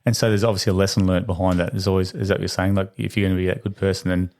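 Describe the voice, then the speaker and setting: A middle-aged man with an Australian accent hosting a casual podcast chat, chatty and quick to agree. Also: low voice, little pitch movement, darkish tone. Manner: chatty, quick, affirms with frequent yeahs. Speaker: podcast host, teacher.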